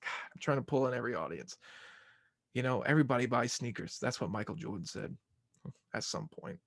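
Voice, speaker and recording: A man's voice: medium pitch, expressive, fairly quick, dry recording, studio quality. A young man hosting a sports podcast, talking casually in rambling, self-mocking rants. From Arkansas fan, southern US.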